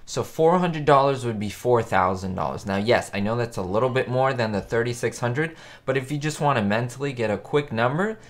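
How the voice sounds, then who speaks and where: A young man hosting a casual live stream, answering viewer questions with chatty enthusiasm. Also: mid-range voice. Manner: chatty, enthusiastic, quotes show lines in put-on voices. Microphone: webcam or desk mic.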